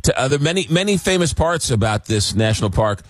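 A man's voice: mid-range voice, expressive, quick pace, dry recording. A man hosting a radio talk show, interviewing a guest in a casual manner and stumbling over names.

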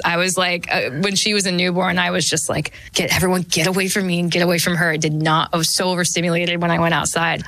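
A young adult woman, a radio show guest, chatting casually and telling animated stories with voices for the people in them. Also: fairly low pitch, no room sound, poor audio. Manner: animated storyteller, acts out quoted voices. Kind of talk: casual chat.

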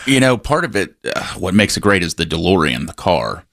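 A man co-hosting a casual talk show, agreeable and quick with short remarks. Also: low-pitched, big pitch swings, creaky, a bit bright. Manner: agreeable, brief interjections. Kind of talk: casual chat.

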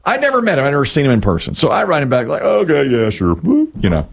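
A middle-aged man co-hosting a radio show, telling a story with animated, acted-out quotes. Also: medium pitch, fast, gravelly, husky. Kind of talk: casual radio banter.

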